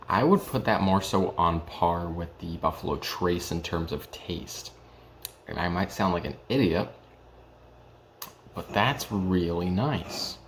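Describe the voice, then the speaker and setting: Young man, deep voice, gravelly, hesitant, casual home vlog, camera mic. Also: slow pace, background noise. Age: young adult. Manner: hesitant, lots of ums and restarts. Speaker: vlogger reviewing whiskey.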